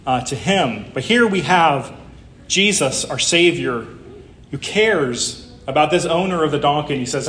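A man's voice: a little high, lively intonation, moderate pace, fairly bright tone, roomy sound, a little hiss or hum. A man preaching a Palm Sunday sermon, conversational and full of rhetorical questions. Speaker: pastor.

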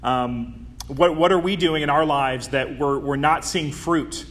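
A man's voice: on the high side, unhurried, fairly bright tone. A man preaching a sermon in a conversational way, with frequent ums and small self-corrections.

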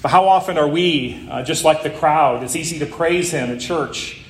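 A man's voice: on the high side, moderate pace, reverberant, a little hiss or hum. A man preaching a Palm Sunday sermon, conversational and full of rhetorical questions. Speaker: pastor.

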